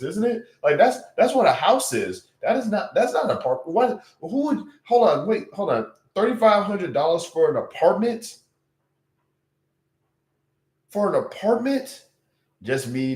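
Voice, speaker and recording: A man's voice: medium pitch, reverberant. A young man hosting a livestream, chatting casually, incredulous and exclamatory, often repeating himself. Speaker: livestream host.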